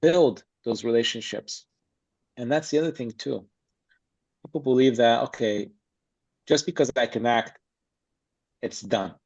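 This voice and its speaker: A man's voice: medium pitch, measured pace, pauses often, darkish tone. A man speaking as a podcast guest about acting, blunt and emphatic in a streetwise way. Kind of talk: casual interview chat. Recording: slightly dull lo-fi sound.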